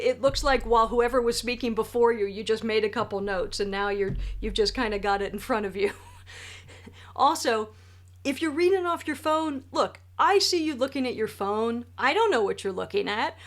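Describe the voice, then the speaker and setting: A woman in her forties, a wedding speech writer, gives jokey, emphatic tips straight to the camera. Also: on the high side. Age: 40s. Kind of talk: direct-to-camera tips video. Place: home studio with a ring light.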